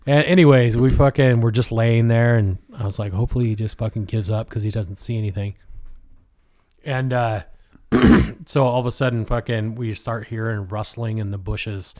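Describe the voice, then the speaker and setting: A young adult man with a Pacific Northwest American accent co-hosts a podcast, telling a rambling story in casual chat. His medium-pitched voice is a little mellow and moves at a moderate pace. He swears a lot and whispers the lines he quotes.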